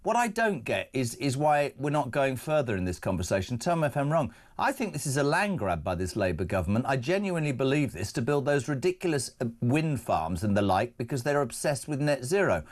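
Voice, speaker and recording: A man's voice: medium pitch, sing-song, fairly quick, hardly any pauses. A British man hosting a breakfast talk show in a studio, impassioned and emphatic in his opinions. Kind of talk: opinionated talk radio presenting. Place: broadcast studio.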